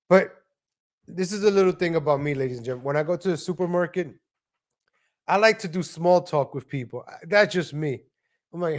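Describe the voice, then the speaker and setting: A man's voice: high-pitched, brisk. A man with a somewhat raised voice hosts a live stream, reacting to viral clips. He talks bluntly and swears freely, ranting his way through stories and opinions. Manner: blunt, profane ranting storyteller. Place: lives in Texas.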